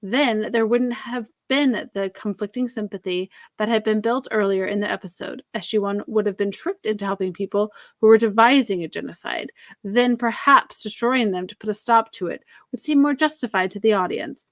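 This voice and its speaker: A woman co-hosting a podcast, reading a long review aloud in a steady, even way during a casual chat. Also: mid-range voice, moderate pace, no echo. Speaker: podcast co-host.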